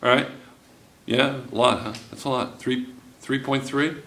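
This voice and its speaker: A man's voice: medium pitch, fairly even intonation, measured pace, pushed and bright, recorded from a distance. A man teaching a physics class, joking and teasing his students as he works through problems. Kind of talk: classroom lesson. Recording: echoey classroom.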